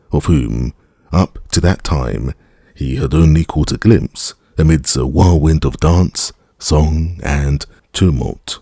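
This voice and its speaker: Deep gravelly guy narrating an audiobook, dark husky voice, dry close sound. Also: dry recording.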